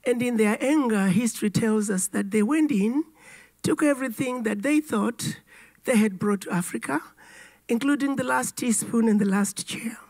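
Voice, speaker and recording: A woman giving a formal address to an audience, her voice raspy and hoarse from a cold, telling history in a measured, lightly humorous way. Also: a little high, darkish tone. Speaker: keynote speaker.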